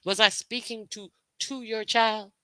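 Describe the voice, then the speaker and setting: A woman's voice: a little high, fairly even intonation, unhurried, fairly bright tone, clean tone, dry recording. A woman hosting her own stream, talking straight to her viewers in a heated, profane rant, repeating herself and firing questions at her critics. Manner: confrontational, profane, repetitive. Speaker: livestream host.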